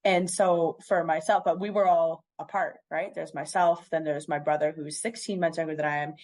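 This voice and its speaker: Low-voiced woman hosting a chat. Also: moderate pace. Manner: reflective, relaxed, filler-heavy. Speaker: podcast host. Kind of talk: casual interview chat.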